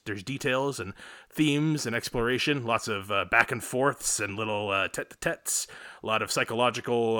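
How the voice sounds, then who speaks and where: A man with a bright, forward voice co-hosts a casual movie podcast. He talks in an animated way, throwing in quick asides and the odd swear. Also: medium pitch, clear, resonant tone. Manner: animated, quick asides, swears, mimics others in quoted bits. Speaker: podcast co-host. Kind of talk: casual movie review chat.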